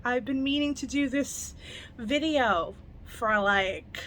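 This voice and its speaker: A fairly high-voiced young woman talks through a book review at home late in the evening, chatty and eager though plainly tired. A faint hiss of room noise sits under her voice. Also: takes it slowly, a bit bright. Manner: chatty, enthusiastic, laughs often. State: tired, yawning. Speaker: book reviewer, channel host. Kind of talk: casual book review vlog.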